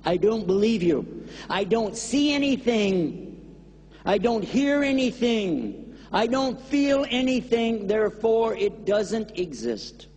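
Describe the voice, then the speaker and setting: A man with a Texan accent voicing a stubborn grown man who flatly refuses to believe a train is coming. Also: fairly high pitch, normal speed, hardly any pauses, slightly rough, long reverb tail. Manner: flat denials, repetitive and defiant.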